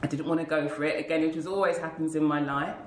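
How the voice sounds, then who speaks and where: A school leader, interviewed as a guest, earnestly tells a heartfelt personal story and acts out the voices of people she quotes. Her voice is low and steady and she talks fast, over a recording with roomy echo and a little hiss or hum.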